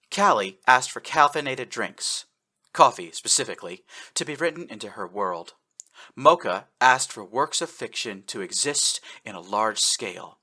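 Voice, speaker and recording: A man reading a fanfiction story aloud in scripted narration, changing his voice for the characters. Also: moderate pace. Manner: expressive, shifts pitch for characters. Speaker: fanfiction audiobook reader.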